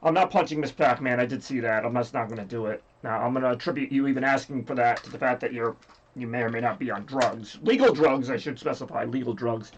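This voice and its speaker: A man's voice: medium pitch, fast, lo-fi sound. Scratchy-voiced man hosting a stream. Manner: rambly, jokey, reads chat aloud. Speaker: livestream host. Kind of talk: rambling casual stream chat.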